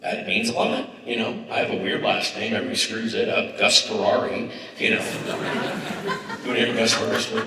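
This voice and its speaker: A man from northern California, the keynote guest speaker, telling stories on stage in an animated, emphatic way. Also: fairly low pitch, brisk, crowd noise. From Humboldt, northern California. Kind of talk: onstage conversation with an interviewer. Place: large conference hall. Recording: echoey hall, picked up from far off.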